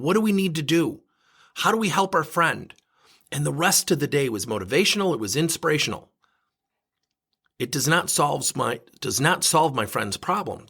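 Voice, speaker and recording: Male coach hosting a solo podcast, bright and husky, animated storyteller. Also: on the high side. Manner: animated, self-mocking storyteller. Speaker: leadership coach and podcast host.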